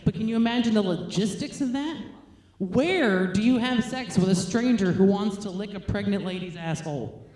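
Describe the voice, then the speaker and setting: A woman's voice: medium pitch, dark tone. Woman, stand-up comic, crude, blunt, roomy live venue. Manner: crude, blunt and self-mocking; laughs between lines. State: nursing a baby on stage. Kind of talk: stand-up set. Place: comedy stage, roomy venue.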